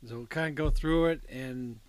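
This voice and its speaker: A man in a casual chat, talking in a relaxed, wry way. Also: mid-range voice, normal speed, no echo.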